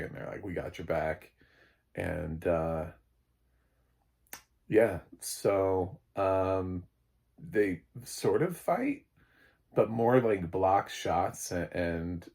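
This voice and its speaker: A man's voice: sits low, vocal fry, darkish tone. A man giving a casual, rambling recap and review of a TV episode, with many fillers and chuckles. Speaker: film critic.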